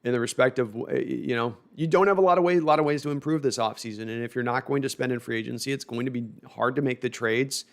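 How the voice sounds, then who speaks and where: A man's voice: medium pitch, fast talker, few pauses. A man hosting a casual live sports talk stream, reading viewer comments and rambling with self-deprecating asides and frequent restarts.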